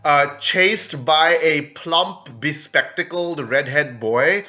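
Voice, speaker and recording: A man runs the game as game master and tells the scene with animated energy, laughing easily. His voice is bright and forceful and sits a little high. The recording sounds slightly dull and lo-fi. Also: takes it slowly. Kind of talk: narrating a tabletop game.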